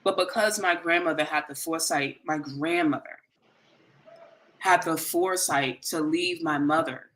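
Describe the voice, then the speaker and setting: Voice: medium pitch, measured pace. A host telling a long personal story in an earnest, conversational way, acting out the lines of the people in it. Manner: animated, earnest, conversational, quotes others in dialogue.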